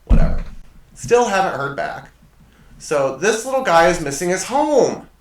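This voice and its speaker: A man's voice: high voice, sing-song, a little slow. Male show host, chatty and rambling, voice jumps around a lot, mic a bit far off. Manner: rambling, self-correcting, self-deprecating. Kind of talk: casual monologue storytelling. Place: desk in a home studio. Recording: echoey room, mic at a distance.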